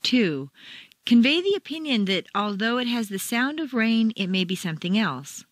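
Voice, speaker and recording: Clear-speaking American woman teaching pronunciation. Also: on the high side, big pitch swings. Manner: clear, deliberate demonstration of intonation patterns. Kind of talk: scripted instructional narration.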